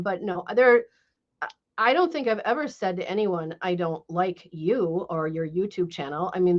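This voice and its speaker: A woman's voice: medium pitch, a bit bright. A woman hosting a live stream, chatting casually and hesitantly with many fillers. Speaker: livestream host. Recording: muffled lo-fi stream audio.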